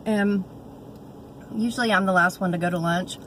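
A woman in her thirties with a drawl talks casually to her viewers in a chatty, heartfelt way. She pauses on fillers and restarts often. She records on a phone held at arm's length in a car, with faint vehicle noise behind her. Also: medium pitch, fairly even intonation, fairly bright tone, poor audio. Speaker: vlogger. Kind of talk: casual chat vlog.

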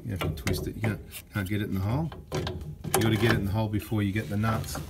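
A man's voice: fairly low pitch, flat delivery, quick pace, gravelly, very noisy. An Australian man hosting a vehicle workshop video, talking through the job in a chatty, joking way. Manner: chatty and joking, keeps checking in with "right?" and "mate". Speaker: mechanic and workshop host. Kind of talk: casual workshop commentary.

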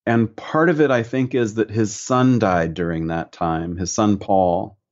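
A man from the United States speaks as a podcast guest, slow to reflect and easy in his storytelling. His voice sits a little low. The recording sounds muffled and lo-fi. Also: darkish tone. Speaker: guest painter. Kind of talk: relaxed podcast conversation.

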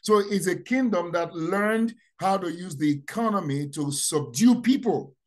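A man preaching a sermon, repeating key phrases and asking rhetorical questions, dropping to quiet asides then rising to loud proclamations. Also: a little slow. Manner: dramatic, swings from low asides to loud proclamations.

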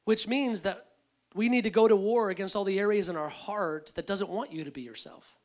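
A man giving a sermon as a guest preacher, in a conversational, repetitive style that drops soft for emphasis. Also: high voice, a little fast.

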